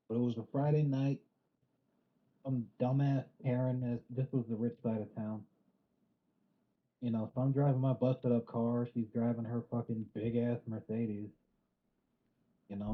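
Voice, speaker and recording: A man chatting on a game stream, telling stories in an animated, heavily profane way. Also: mid-range voice, moderate pace. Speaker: co-player on a stream. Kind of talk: casual gaming chat. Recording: slightly muffled lo-fi mic.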